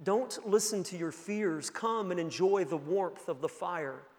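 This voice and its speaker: A patient, kindly stranger speaks gently in a sermon story, a man giving him voice. The voice is high and unhurried. It echoes through a church hall. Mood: reassuring. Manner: calm, reassuring. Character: kind, patient male stranger who makes fire. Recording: long church-hall reverb.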